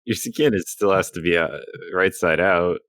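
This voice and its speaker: Very deep-voiced young man. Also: normal speed, a bit bright, no room sound. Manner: dry, laughing asides. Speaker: podcast co-host. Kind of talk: casual chat among friends.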